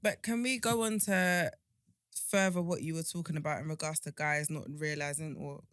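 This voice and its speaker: Bright-voiced, emphatic woman. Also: low-pitched, fairly even intonation, moderate pace, clear, resonant tone, dry recording, studio quality. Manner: emphatic, indignant, many restarts. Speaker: podcast co-host. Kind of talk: casual chat.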